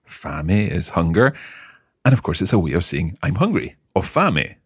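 Male language tutor: deep, husky, very animated intonation, encouraging. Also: moderate pace, no echo, clean studio sound. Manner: encouraging, patient questioning. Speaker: language teacher. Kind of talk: guiding a language lesson.

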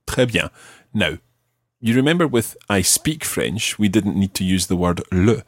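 A man hosting a podcast language lesson, patiently prompting a learner and slowing down for example phrases. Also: on the low side, sing-song, no room sound. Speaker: language teacher and podcast host.

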